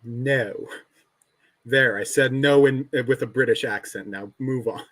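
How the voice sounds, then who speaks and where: Deadpan, curt male co-host. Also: medium pitch, normal speed, no room sound. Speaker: podcast co-host. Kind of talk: casual podcast chat.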